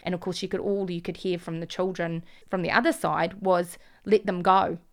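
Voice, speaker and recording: Smooth-voiced woman recounting events earnestly. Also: fairly low pitch, level tone, brisk. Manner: earnest, emotional retelling, often dropping quiet. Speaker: mother recounting a protest. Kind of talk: personal eyewitness account.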